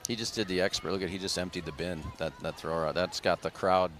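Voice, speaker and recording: A man's voice: low-pitched, steady tone, fast, a bit bright, slight background noise. Man calling a local parade outdoors. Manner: reads sponsor blurbs, then chats loosely. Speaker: parade commentator. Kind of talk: live local TV parade commentary.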